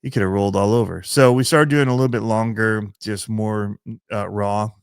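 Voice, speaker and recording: A middle-aged man with a Michigan accent chats casually on a podcast, rambling and laughing at himself. His voice is lowish and smooth. The sound is dry and close. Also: fairly even intonation, normal speed, dry recording. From Michigan, USA. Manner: rambling, laughs often, self-deprecating. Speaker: podcast host and RC channel creator.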